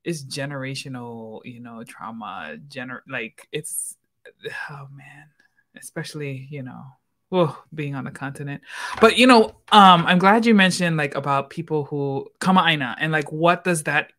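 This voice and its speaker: Woman moderating a panel, soft asides. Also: low-pitched, unhurried. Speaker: podcast moderator. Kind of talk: casual panel discussion.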